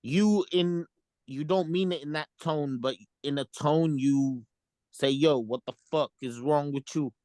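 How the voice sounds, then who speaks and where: A man's voice: a little high, measured pace, darkish tone, no echo. A man co-hosting a casual podcast chat, challenging others with hypotheticals in street slang. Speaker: podcast co-host.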